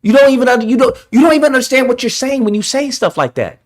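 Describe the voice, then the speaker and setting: Exasperated man ranting, pitch all over. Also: lively intonation, fast. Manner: heated, exasperated, profane. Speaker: online commentator. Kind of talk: ranting commentary.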